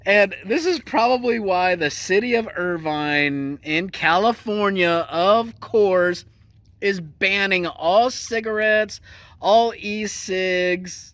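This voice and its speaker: A man's voice: high-pitched, animated, takes it slowly, fairly bright tone, no room sound. A male host doing casual, profane, sarcastic commentary on news clips.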